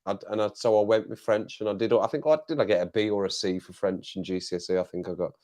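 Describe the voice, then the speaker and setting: A man's voice: lowish voice, fairly even intonation, fast, a little mellow. A man hosting a casual live chat, playful and chuckling often as he tries out phrases. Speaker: livestream host.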